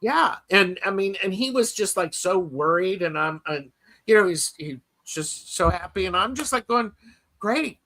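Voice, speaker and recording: A man's voice: sits high, expressive, normal speed, sharp tone. A man hosting a podcast in casual chat, telling stories in a rambling way with many fillers and restarts. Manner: reads listener comments aloud. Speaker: podcast host.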